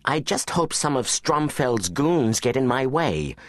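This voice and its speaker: A woman's voice: rumbling low, sing-song, a little slow, no room sound, pitched above the performer's own voice, full character voice. A man doing a brash, cocky teen spy girl. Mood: eager, cocky. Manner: cocky and scornful. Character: tough, brash teenage girl spy itching for a fight.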